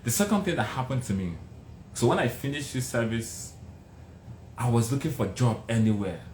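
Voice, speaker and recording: A man's voice: mid-range voice, normal speed. A middle-aged man with a Nigerian accent, telling his life story emphatically as a motivational speaker. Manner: emphatic, animated, dramatic repetitions. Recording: roomy with faint noise.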